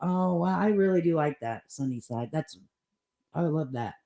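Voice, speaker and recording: A woman's voice: deep voice, animated, normal speed, vocal fry, warm tone. Chatty woman hosting a casual livestream. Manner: chatty, laughs often, swears casually. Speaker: livestream host reading viewer comments.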